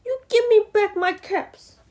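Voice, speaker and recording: A woman voicing an angry old male cap peddler from a picture book, shouting scoldingly in a high, strained voice. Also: drawn-out words, full character voice. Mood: furious.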